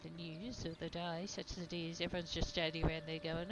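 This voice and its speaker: Gravelly, chatty let's-play gamer. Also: mid-range voice, flat delivery, a little fast, noisy background. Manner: chatty, self-deprecating, swears casually. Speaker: gamer playing a video game. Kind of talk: casual let's-play commentary.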